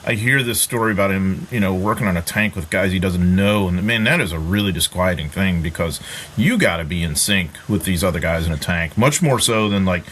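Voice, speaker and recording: A man's voice: deep voice, a little fast, fairly bright tone, slight background noise. A man hosting a casual podcast discussion, thoughtful and given to restarting his sentences. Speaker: podcast host.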